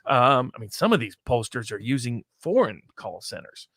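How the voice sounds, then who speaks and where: A man in a casual podcast discussion, explaining polling quickly with frequent restarts. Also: mid-range voice, very animated, a bit bright, husky, no room sound, clean studio sound. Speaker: pollster guest.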